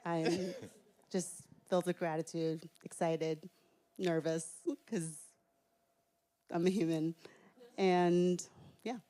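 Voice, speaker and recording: Slow, soft-spoken emotional woman. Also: fairly low pitch, steady tone. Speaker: film director. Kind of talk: panel remarks.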